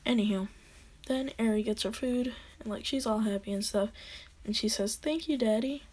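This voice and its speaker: A woman casually telling a rambling fan story, dropping into whispers and quick voices for the characters. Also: medium pitch, steady tone, darkish tone.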